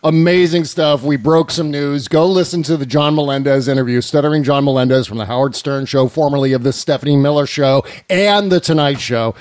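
A man hosting a podcast, telling stories in a casual, animated, incredulous way and laughing often. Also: on the high side, a little fast, hardly any pauses, no echo, studio quality. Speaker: podcast host. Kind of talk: casual chat.

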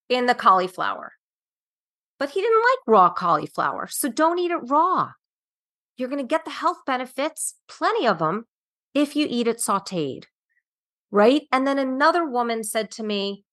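A woman's voice: sits high, big pitch swings, unhurried, fairly bright tone. A woman nutritionist speaking earnestly as a podcast guest, emphatic and dotted with "um" fillers. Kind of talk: podcast interview.

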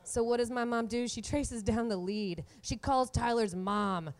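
A woman in her twenties telling a comic story from her own life, animated and often laughing through the punchlines. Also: a little high, unhurried. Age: 20s. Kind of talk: live comedic storytelling.

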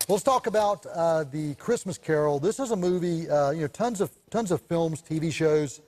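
Need a lively, slightly higher-voiced man co-hosting a film chat show, chatty storyteller who laughs a lot. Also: normal speed. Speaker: co-host, film reviewer. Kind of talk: casual chat about movies.

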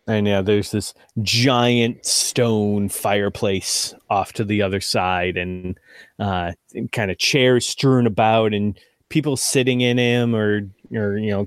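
A man with a fairly low voice narrates a tabletop game as its game master, and the sound is dry and close. He describes each scene in a loose, rambling way, filling the gaps with "uh" and "you know". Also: no echo. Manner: relaxed, rambling description with many fillers.

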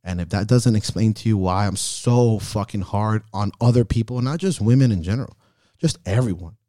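Warm, profane male podcast host. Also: lowish voice, moderate pace, no echo, clean studio sound. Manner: profane, heartfelt storytelling. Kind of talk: casual podcast conversation.

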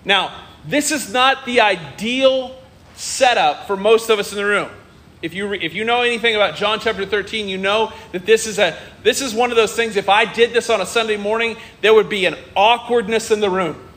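A male pastor preaches from a church stage in an earnest, emphatic sermon. His voice is high and bright, and he often restarts and repeats phrases for stress. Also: normal speed. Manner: earnest, emphatic, with many repetitions.

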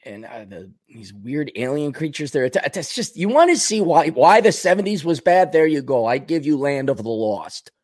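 A man hosting a podcast, rambling through a casual comedic monologue, going from low mutters to sudden outbursts. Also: sing-song, moderate pace, few pauses, a little mellow. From Minnesota. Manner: rambling, wisecracking, swings between mutters and outbursts. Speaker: podcast host.

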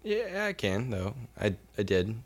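A man's voice: on the low side, very animated, unhurried. A young man co-hosting a casual podcast, telling rambling, profane stories full of fillers. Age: young adult. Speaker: podcast co-host. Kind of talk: casual chat.

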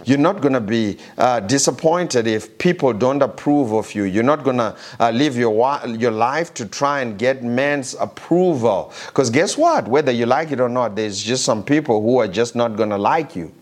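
Male preacher, emphatic sermon delivery, scripture reading, slow stressed verses, halting restarts. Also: medium pitch. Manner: emphatic, slows and rises when reading scripture, some filler restarts; reads scripture aloud.

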